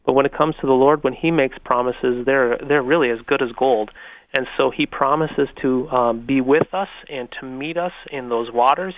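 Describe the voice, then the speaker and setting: Pastor on a tinny radio line. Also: male voice, mid-range voice, no echo. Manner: earnest, explanatory with fillers. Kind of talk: radio talk on faith.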